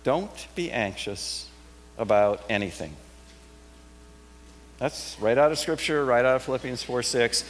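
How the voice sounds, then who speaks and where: A man's voice: medium pitch, animated, measured pace, pauses often. Man preaching in a reverberant hall. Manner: conversational, reflective, with soft emphatic repetitions. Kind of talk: sermon. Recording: long hall reverb, faint hum.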